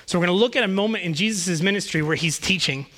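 A man's voice: high-pitched, fast talker, sharp tone. A man who is a pastor, giving a casual, joking sermon in a conversational way.

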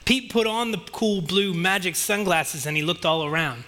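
A man's voice: sits high, normal speed, few pauses, sharp tone. A man telling a children's story to a congregation and then preaching, with a playful, self-deprecating manner.

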